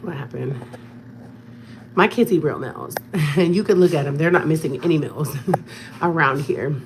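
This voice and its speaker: A woman's voice: low voice, normal speed, noisy background. Chatty woman livestreaming from home on her phone. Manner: chatty, talks straight to viewers, often drops to a whisper. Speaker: livestream host. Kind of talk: casual livestream chat. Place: home, walking through rooms. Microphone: phone held at arm's length.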